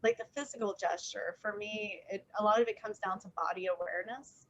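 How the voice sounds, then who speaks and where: A woman's voice: medium pitch, brisk, slight background noise, low-quality recording. A woman guest on an art podcast, talking casually with lots of fillers. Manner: rambling, many fillers like "like" and "um". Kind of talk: casual chat.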